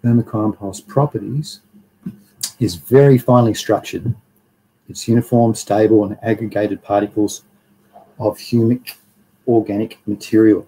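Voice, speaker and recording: A man's voice: fairly low pitch, fairly even intonation, a little slow, long pauses, mellow, slightly rough, poor audio. A man hosting a live stream, reading through slides in a rambling, casual way and greeting viewers in the chat. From Australia.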